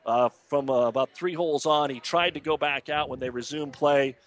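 A man's voice: fairly high pitch, steady tone, moderate pace. A man hosting casual sports radio talk, opinionated and loose with lots of filler words. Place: outdoors at a golf course.

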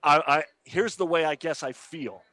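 A man's voice: on the high side, normal speed, bright, forceful tone, no echo. A man hosting casual sports radio talk, opinionated and loose with lots of filler words. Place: outdoors at a golf course.

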